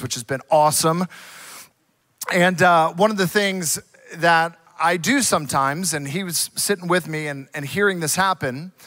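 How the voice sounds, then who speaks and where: A man's voice: a little high, bright, forceful tone. A man in his forties, a pastor who preaches a conversational, earnest sermon full of stories.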